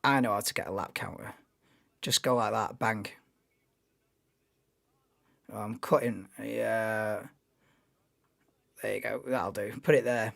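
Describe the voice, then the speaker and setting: A man's voice: fairly low pitch, fairly even intonation, slow pace, gravelly, long pauses, a bit bright. A man doing casual live race commentary on a stream, chatting and thinking aloud between calls of the action.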